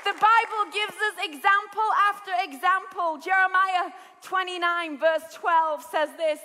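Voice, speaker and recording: A British woman preaching a sermon, telling stories with lively energy and rising to shouts. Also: extremely high pitch, normal speed, few pauses. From Britain. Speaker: pastor. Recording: large hall with long reverb.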